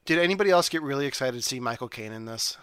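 Bright-voiced male podcast host. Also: mid-range voice, expressive, rapid-fire, smooth, dry recording. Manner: rambling, hesitant, many fillers. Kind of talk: casual movie podcast chat.

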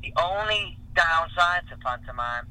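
Bright-voiced male guest spinning stories. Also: a little high, measured pace, poor audio. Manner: relaxed, storytelling, repeats words. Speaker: guest performer. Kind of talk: casual chat.

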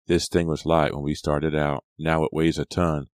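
A man reading an audiobook, voicing a glum teenage boy who mutters and urges in a low voice. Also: little pitch movement, moderate pace, no echo, studio quality. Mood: grumbling. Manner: muttering, urgent.

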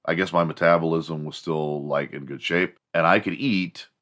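A man's voice: rumbling low, steady tone, moderate pace, fairly bright tone. A man from Houston hosting a podcast, talking in a crude, joking, rambling solo monologue. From Houston, Texas. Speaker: podcast host.

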